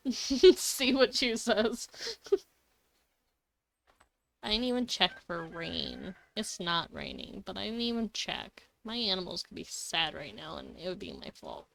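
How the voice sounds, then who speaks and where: Woman game streamer, casual chat, giggly, swears, smooth clear voice, unhurried. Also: medium pitch, sharp tone, no echo. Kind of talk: casual live gaming commentary.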